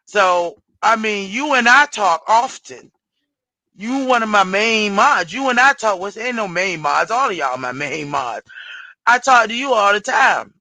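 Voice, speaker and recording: A woman's voice: mid-range voice, sharp tone, no echo, low-quality recording. A middle-aged woman hosting a casual livestream, blunt and cussing freely. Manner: blunt, salty, cussing and exasperated. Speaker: livestream host.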